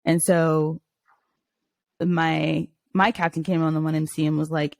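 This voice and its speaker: A young woman co-hosts a casual podcast, telling candid stories with lots of laughter. Her voice sits a little low for a woman. The sound is close and dry, with no room around it. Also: a little slow, creaky, no echo. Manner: laughs often, candid and animated storyteller. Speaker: podcast co-host. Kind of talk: casual chat.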